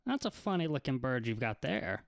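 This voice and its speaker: A man's voice: medium pitch, sing-song, normal speed, creaky, no echo. A man voicing a hard-of-hearing old man in spectacles, who calls the young hero son and boy. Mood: curious. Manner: squawking, startled, calls people son and boy.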